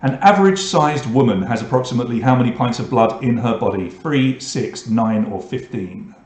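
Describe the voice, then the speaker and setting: A man with a British accent hosts an online pub quiz in a relaxed, chatty way, mixing scores and questions with offhand remarks. His voice sits at an ordinary middle pitch. The recording has a noticeably roomy echo. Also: moderate pace. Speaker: quiz host.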